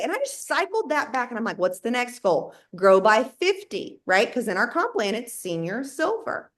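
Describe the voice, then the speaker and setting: A woman with a Southern accent, around her thirties, giving an animated motivational talk to her sales team and acting out her own inner voice as she talks. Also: fairly high pitch, normal speed. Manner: animated, talks to herself and the listener, plays out inner dialogue. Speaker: network marketing team leader.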